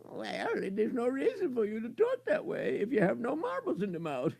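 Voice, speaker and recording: A man doing a giggly high-voiced doctor. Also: huge pitch swings, vocal fry, darkish tone, a little hiss or hum, exaggerated voice. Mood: amused. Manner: laughs at his own jokes, brisk and dismissive. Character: jolly, giggly male court doctor.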